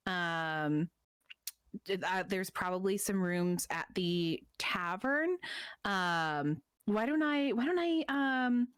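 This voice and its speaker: A woman's voice: mid-range voice, animated, takes it slowly, clean tone, no echo, clean studio sound. A woman voicing a flirtatious adventurer woman who speaks with hesitations and fillers. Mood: flirty.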